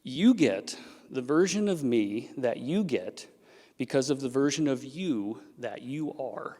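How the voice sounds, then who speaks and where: A man's voice: medium pitch, measured pace. Man speaking in a reverberant hall. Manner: animated, acts out quoted voices. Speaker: therapist giving a talk. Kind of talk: symposium presentation. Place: event hall. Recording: long reverb of a large hall.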